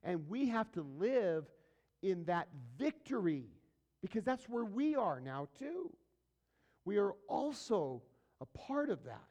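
Man, pastor, sermon, slightly higher voice, conversational, asks questions, dynamic volume. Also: sing-song, slow pace. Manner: conversational preaching, asks the audience questions, swings between soft and loud. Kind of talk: sermon, verse-by-verse Bible teaching.

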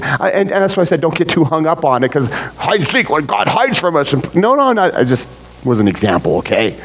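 A middle-aged man delivers a conversational sermon with a slightly higher-than-usual voice. He talks to the congregation in an animated, casual way, often checking in with "right?". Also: husky, poor audio. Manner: animated, frequent "right?" asides. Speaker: preacher.

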